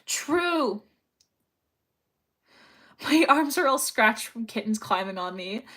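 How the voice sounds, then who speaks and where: Young woman, live-stream chatter, rambling; bright, lively, swooping voice. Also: on the high side, slow pace. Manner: chatty, rambling, reads chat messages aloud. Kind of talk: casual chat while sewing on a livestream.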